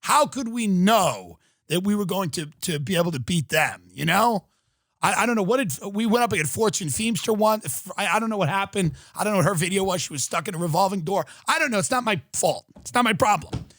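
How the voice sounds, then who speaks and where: A man's voice: high-pitched, animated, a little fast, fairly bright tone, no echo, studio quality. A man in his thirties hosting a podcast, ranting sarcastically in a mock-outraged comic style, swearing and acting out quotes. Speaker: podcast host. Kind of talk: comedic rant.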